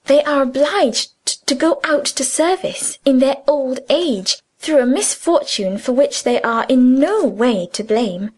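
A woman voicing a simple, placid young schoolgirl who chats gently about gossip from home. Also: high-pitched, lively intonation, a little slow. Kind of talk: audiobook character reading.

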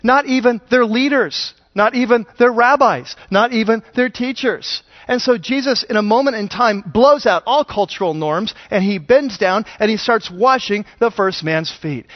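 A man pastor preaching a sermon in a conversational, animated storytelling way, on a dull lo-fi recording. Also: sits high, moderate pace, few pauses, no echo.

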